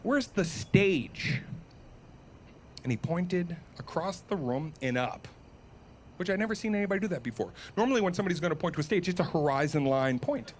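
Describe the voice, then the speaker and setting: A man's voice: on the high side, lively intonation, quick pace, slight background noise. A man telling a comic story as a solo podcast host, self-mocking and laughing at his own tale. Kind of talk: comedic storytelling.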